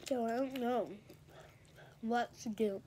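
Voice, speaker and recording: A woman's voice: a little high, takes it slowly, noisy background. A teenage girl rambling and gossiping in a casual vlog, a bit congested and talking while she eats in bed. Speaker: vlogger.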